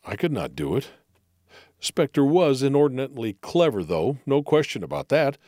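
A man narrating an audiobook of mystery stories in an expressive storytelling manner, close to the mic. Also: medium pitch, normal speed, no room sound.

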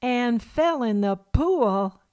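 A playful Southern wife stretches her words in a slow, lilting drawl, mishearing every line on purpose, as a woman reading her memoir puts her on. The sound is close and dry. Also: a little high, expressive, darkish tone, clean tone, no echo, pitched above the performer's own voice.

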